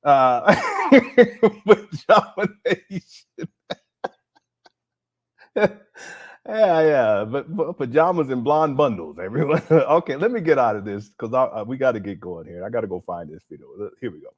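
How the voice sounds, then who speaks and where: A man's voice: medium pitch, lively intonation, normal speed, breathy edge, lo-fi sound. A man hosting a casual live stream, reacting to a clip with incredulous, laughing commentary. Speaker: livestream host.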